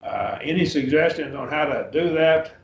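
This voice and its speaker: Guy teaching bible class, loose and halting, calls on folks by name, echoey room, dull lo-fi sound. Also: a little high, expressive. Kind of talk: Bible class lesson, Greek word study. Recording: roomy, dull lo-fi class recording.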